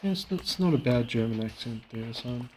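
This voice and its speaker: A man chatting casually while playing a game and reacting to a video, rambling and halting with many fillers. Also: mid-range voice, animated, a little hiss or hum. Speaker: streamer. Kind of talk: casual gaming commentary.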